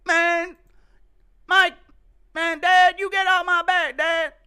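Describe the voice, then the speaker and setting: A man putting on a whiny, high voice of a bratty teenage son mouthing off to his father. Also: level tone, slow, pushed and bright, full character voice. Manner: whiny, high-pitched, petulant. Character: bratty teenage boy talking back to his dad.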